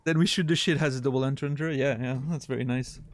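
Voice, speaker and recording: A man doing casual gameplay commentary on a stream, thinking out loud with a dry, deadpan sense of humor. His voice sits in an ordinary middle range and is recorded close and dry, with no room around it. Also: mid-range voice, fast, no echo.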